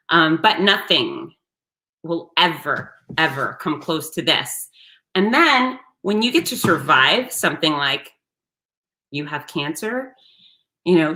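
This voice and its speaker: A woman hosting her own show, telling a story in a blunt, salty, animated way. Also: low voice. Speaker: host. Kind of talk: casual storytelling monologue.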